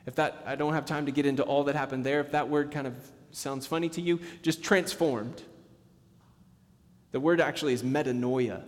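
A middle-aged male pastor preaching a sermon, passionate, swinging between emphatic bursts and hushed, slowed lines. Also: mid-range voice, steady tone, big-room sound.

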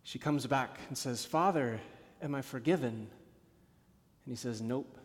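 A man preaching a sermon as a pastor, telling stories and moving from hushed, low passages to emphatic ones. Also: measured pace. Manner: storytelling, swings from hushed to emphatic. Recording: long hall reverb.

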